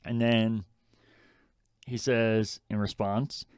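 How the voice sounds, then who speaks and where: A man's voice: on the low side, steady tone, normal speed, clear, resonant tone, dry recording. A man co-hosting a podcast in casual chat, blunt and swearing freely as he mocks lines he quotes. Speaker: podcast co-host.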